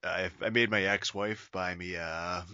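A man in his thirties hosts a loose podcast in a very low voice that still has a bright, forceful edge. He rambles, swears often and restarts his sentences. The recording is dry, dull and lo-fi. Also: steady tone, a little slow, clear, resonant tone, no echo. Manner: crude, profane, rambling with many restarts. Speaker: podcast host. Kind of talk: casual podcast chat.

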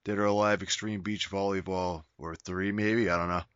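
Deep-voiced cussing podcast host. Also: male voice, flat delivery, normal speed, a bit bright, clean tone, no echo, lo-fi sound. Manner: crude, profane, rambling with many restarts. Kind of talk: casual podcast chat.

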